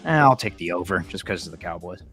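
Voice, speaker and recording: A man with a lowish voice co-hosts a casual football chat, stumbling and repeating himself before he commits to a pick. He speaks over a video call, with faint music behind him. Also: lively intonation, fast, a bit bright. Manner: hesitant, repeats words before settling on a pick. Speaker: co-host giving picks. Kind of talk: casual sports picks chat.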